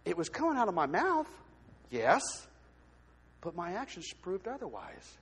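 A man speaks from a church pulpit, telling his own story like a sermon. His voice sits high and swings widely, and he acts out the other people's lines. A long reverb from the sanctuary trails behind every word. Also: wildly swooping pitch, unhurried, a bit bright, slightly rough. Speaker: lay speaker giving a testimony in church. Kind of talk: sermon testimony.

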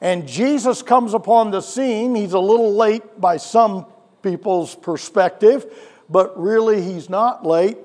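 A male pastor preaching a sermon, animated, with rhetorical questions and chuckles, in a church. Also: sits high, unhurried. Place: church sanctuary. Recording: long church hall reverb.

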